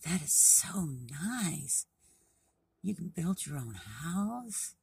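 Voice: mid-range voice, big pitch swings, unhurried, gravelly, a little mellow, slight background noise, pitched above the performer's own voice. A storyteller voicing a small, curious young male frog who loves to travel, speaking in a raised, sometimes whispered voice.

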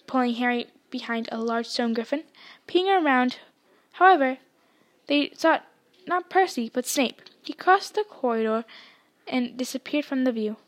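A woman reading a novel aloud expressively, dropping to a whisper in tense passages. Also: sits high. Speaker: audiobook reader.

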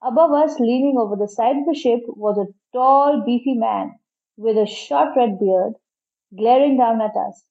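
A woman narrating a storybook in a lively, expressive first-person reading. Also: fairly high pitch, normal speed. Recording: tinny phone-like sound.

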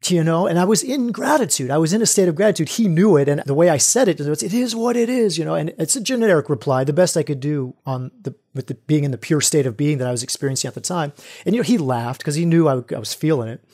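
A man's voice: on the high side, lively intonation, quick pace, darkish tone. A man hosting his own podcast, talking earnestly and reflectively to his listeners as a spiritual guide for men, calling them brothers. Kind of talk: solo podcast monologue.

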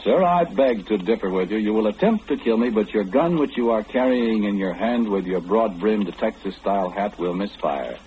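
An actor playing a calm, wry clairvoyant man who knows everything, in 1940s radio acting. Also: on the low side, narrow, tinny audio, slight background noise, natural voice. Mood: knowing. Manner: knowing, unhurried, gently mocking.

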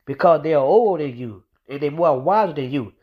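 A man's voice: on the high side, animated, a little fast, lo-fi sound. Young man preaching in emphatic, repetitive talk. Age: young adult. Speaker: vlogger. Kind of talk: casual personal storytelling monologue.

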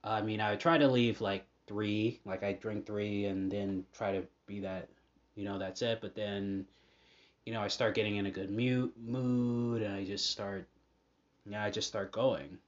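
A man hosting a podcast, talking casually in a halting way with many fillers and restarts. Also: lowish voice, fairly even intonation. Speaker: podcast host. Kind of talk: casual monologue. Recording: dull lo-fi audio.

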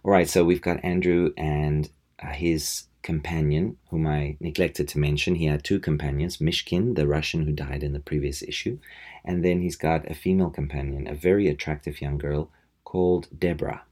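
Man, podcast host, very low voice, rambling casual comic review. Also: fairly even intonation, normal speed, a little mellow. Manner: rambling, enthusiastic.

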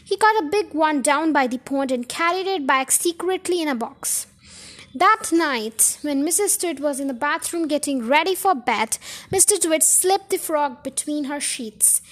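A woman's voice: high voice, lively intonation, measured pace, fairly bright tone. A woman reading a children's book aloud on a podcast, chatty, with asides and self-corrections. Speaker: podcast story reader.

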